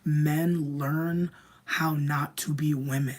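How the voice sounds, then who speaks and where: A young adult streamer with a sick voice, rambling casually to chat with heavy "like" filler, swearing freely and often dropping into a breathy half-whisper. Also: mid-range voice, little pitch movement, slow. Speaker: livestreamer answering chat.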